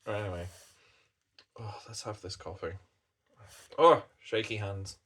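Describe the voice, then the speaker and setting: A man's voice: fairly low pitch, lively intonation, unhurried, a bit bright, husky. A British man chatting casually as a coffee reviewer, rambling along and swearing in passing. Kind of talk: casual chat.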